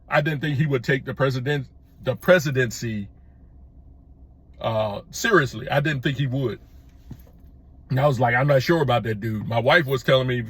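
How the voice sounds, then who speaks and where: A middle-aged man on his own YouTube channel gives an emphatic, repetitive opinion monologue, stammering through false starts. His medium-pitched voice is fairly bright and slightly rough, at a moderate pace with frequent pauses.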